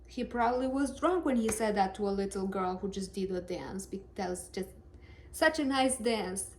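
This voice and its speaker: A woman's voice: medium pitch, moderate pace, a little mellow, slight background noise. A woman reading scripture aloud with casual, sarcastic, joking commentary. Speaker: Bible reader and commentator.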